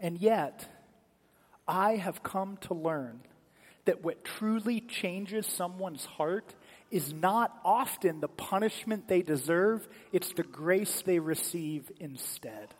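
A male pastor giving a sermon as animated, dramatic storytelling in a church sanctuary. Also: high-pitched, takes it slowly, slightly rough, long reverb tail.

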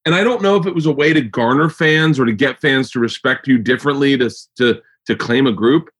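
A man hosts a podcast in loose, casual chat. He rambles, swears freely and trips over his own restarts as he gets worked up. His voice sits at an ordinary middle pitch. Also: a little fast, slightly rough. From United States. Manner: rambling, profane, excitable with many restarts. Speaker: podcast host.

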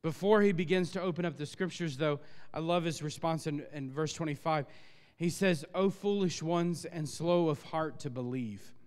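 High-voiced male pastor preaching with passion. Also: moderate pace, clear, resonant tone. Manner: impassioned, rising to loud emphatic peaks. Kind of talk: sermon. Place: church sanctuary. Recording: long church reverb.

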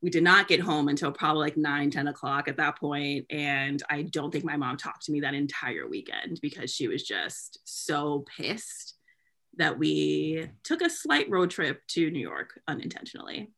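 A young woman from New England telling a story in casual chat, animated, laughing and swearing, with lots of "like". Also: sits low, normal speed. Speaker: podcast co-host telling a story.

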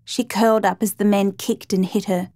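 A woman narrating a true crime story in a steady, measured reading voice. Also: mid-range voice, no echo.

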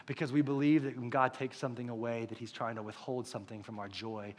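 A young man preaching a conversational, animated sermon full of stories. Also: mid-range voice, fast talker, few pauses. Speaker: pastor.

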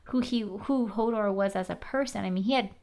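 A woman in casual recap chat, animated, swearing and using many fillers. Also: mid-range voice, fairly quick.

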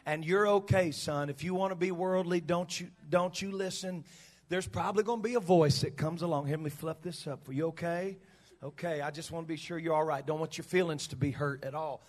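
A man doing a hushed, coaxing false prophetess. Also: a little high, brisk, pitched below the performer's own voice, lightly acted. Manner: hushed, soft, wheedling with stammered repeats. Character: sweet-talking false prophetess woman, coaxing and soothing. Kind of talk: preaching with acted illustration.

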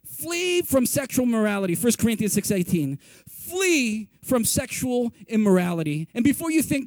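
A male pastor preaching a sermon in a conversational, animated way, acting out quoted reactions and often asking "right?". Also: extremely high pitch, normal speed, no room sound. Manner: conversational, repeatedly asks "right?".

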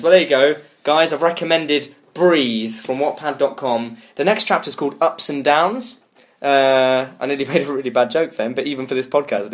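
A young man hosting a casual comedy podcast, reading a story aloud and mocking it with frequent laughter and swearing. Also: medium pitch. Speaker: podcast host.

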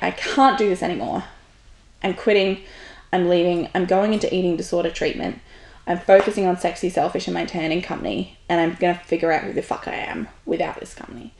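Woman, podcast host, blunt and candid with casual swearing, mid-pitched voice, echoey room. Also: darkish tone. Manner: blunt, frank, swears freely. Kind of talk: candid monologue. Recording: roomy echo.

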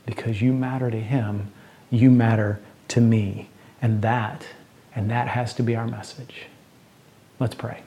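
A middle-aged man with a lilt preaches in an earnest, conversational way. His voice is warm and relaxed, never bright. His pitch sits in an ordinary middle range. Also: unhurried. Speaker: pastor. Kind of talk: sermon with storytelling and closing prayer.

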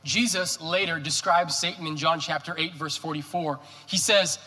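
A male pastor preaching a sermon in a church, animated and joking, firing off rhetorical questions. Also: sits high, normal speed, hardly any pauses. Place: church sanctuary. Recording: reverberant church hall.

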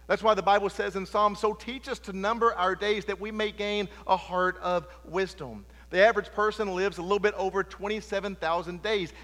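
A middle-aged man preaching a sermon with passion, swinging between loud emphatic lines and hushed low ones. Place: church sanctuary. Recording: long reverb of a large hall.

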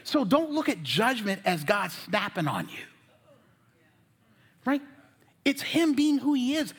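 A man preaching a sermon as pastor, folksy and animated, joking with the congregation and now and then dropping to a near whisper for emphasis. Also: very high voice, slow, husky.

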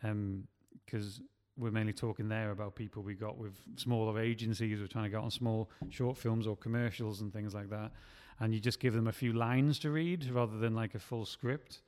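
A man's voice: lowish voice, steady tone, moderate pace, hardly any pauses, darkish tone. Rambling man with roomy echo. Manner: rambling, with many restarts. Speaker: scriptwriter and podcast host. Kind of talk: casual chat.

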